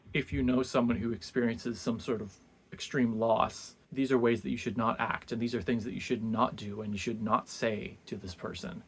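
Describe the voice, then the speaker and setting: A man talking through a book review in a casual vlog, reflective and halting, often restarting his sentences as he searches for words. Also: medium pitch, husky.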